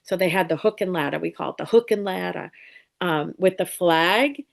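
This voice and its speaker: A woman guest on an interview show, telling lively, lighthearted stories and acting out quotes as she talks. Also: fairly low pitch, moderate pace, vocal fry. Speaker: psychic medium guest. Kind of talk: casual interview storytelling.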